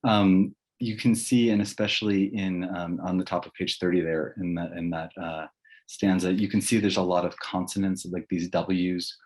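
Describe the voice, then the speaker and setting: Man, very low voice, lecture on poetry, academic, explanatory, thinks aloud as he goes. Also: little pitch movement, moderate pace, darkish tone.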